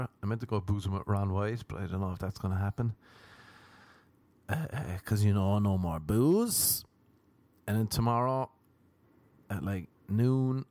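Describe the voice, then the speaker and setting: A man's voice: fairly low pitch, darkish tone, no echo. Rambling Irish man, podcast host. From Ireland. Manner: rambling, crude, storytelling. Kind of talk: casual monologue.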